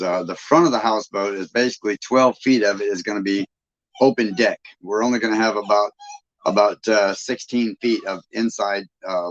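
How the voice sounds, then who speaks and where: A man from Michigan hosting a live stream, chatting casually and folksily with viewers and laughing often. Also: fairly low pitch. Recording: dull lo-fi sound.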